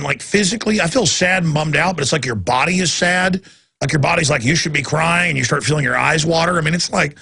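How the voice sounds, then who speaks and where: A man's voice: a little high, creaky, sharp tone, slightly rough, dry recording. A man hosting a talk radio show, rambling and emphatic, often repeating himself. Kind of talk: unscripted talk radio monologue.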